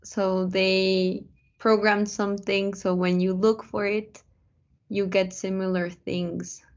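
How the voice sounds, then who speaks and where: Woman answering in english class, slow n unsure, muffled audio. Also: medium pitch, level tone. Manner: hesitant, searching for words. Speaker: student.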